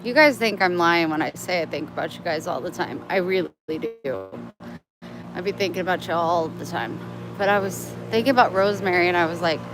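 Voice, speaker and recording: A woman with a lowish voice talks briskly to her livestream viewers while walking outdoors with her phone, meandering and often sidetracked. Music plays in the background alongside street ambience and passing traffic.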